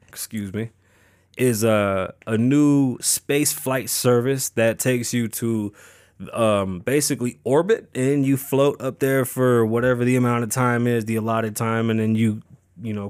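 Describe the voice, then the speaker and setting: A man's voice: medium pitch, fairly even intonation, a little slow, a little mellow, no room sound, clean studio sound. Profane, rambling man podcasting solo. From Las Vegas. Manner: loose, profane, rambling with many fillers and restarts. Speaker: podcast host. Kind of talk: casual solo podcast chat.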